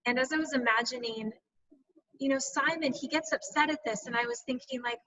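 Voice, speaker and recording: A woman author speaks in a bright, slightly high voice, earnest and reflective, with plenty of "you know" fillers. She sounds a little far from her mic, as on a video call. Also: a little fast, muffled recording. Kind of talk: reflective personal storytelling in an interview. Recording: distant video call audio.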